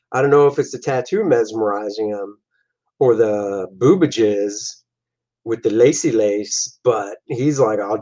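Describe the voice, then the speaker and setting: A man's voice: medium pitch, darkish tone. A man, a comic artist and host, casually talking through his own artwork in a loose, jokey, rambling way. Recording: dull lo-fi recording.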